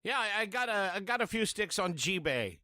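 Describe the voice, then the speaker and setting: A man's voice: high voice, big pitch swings, normal speed, bright, forceful tone, no echo, clean studio sound. A man playing a tabletop game, hesitant and full of fillers as he describes his actions. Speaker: player. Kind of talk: in-character tabletop banter.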